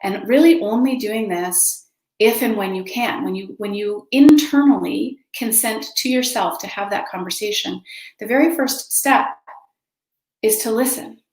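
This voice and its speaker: A woman's voice: medium pitch, unhurried, darkish tone, echoey room, rough recording. A woman giving a spoken lesson, earnest and emphatic, repeating key words and acting out sample conversations. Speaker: teacher. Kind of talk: spoken teaching talk.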